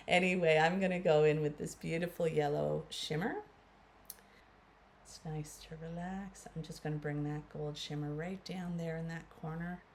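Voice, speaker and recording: Fairly even in intonation and at a normal speed, her low, darkish voice comes with slight background noise. The speaker is a Canadian beauty vlogger in her fifties, casually chatting through a makeup tutorial, addressing viewers as guys and using many fillers.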